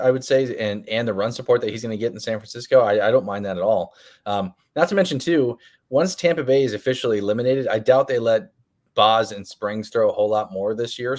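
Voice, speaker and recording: A man co-hosting a live fantasy baseball show, answering viewer questions in casual talk full of ums and restarts. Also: on the low side. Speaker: fantasy baseball podcast co-host. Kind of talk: casual live-stream chat.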